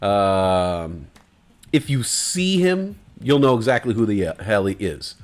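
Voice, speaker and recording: A man's voice: on the low side, big pitch swings, takes it slowly. A man hosting a casual livestream, talking in loose, profane, rambling banter. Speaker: livestream host.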